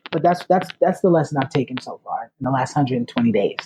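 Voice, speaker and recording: A man's voice: mid-range voice, animated, fast talker, background noise. A man who is a new parent, talking earnestly and reflectively in a casual conversation, repeating phrases for emphasis.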